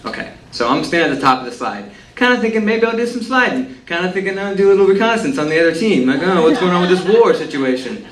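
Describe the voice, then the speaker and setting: A man's voice: sits high, very animated, fast, hardly any pauses, fairly bright tone. A man in his twenties from Texas telling a comic story to a live audience, with a wry, self-mocking delivery. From Texas, USA. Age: 20s. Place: stage at a live storytelling event. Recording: echoey room, distant mic, faint hiss.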